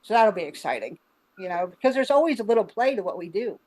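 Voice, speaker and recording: A woman's voice: mid-range voice, big pitch swings, quick pace, darkish tone. Chatty woman hosting a video call. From Arkansas. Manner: chatty, laughing, rambling with fillers. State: ill with covid. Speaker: host. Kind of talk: casual video call chat.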